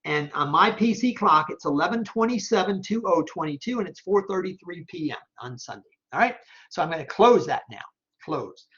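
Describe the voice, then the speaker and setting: A male instructor talking students through a software task on screen, checking each step aloud and often asking "okay?". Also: high-pitched, animated, normal speed, muffled recording. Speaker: college instructor. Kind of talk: screen-recorded software tutorial. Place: at a computer, voice-over on screen capture.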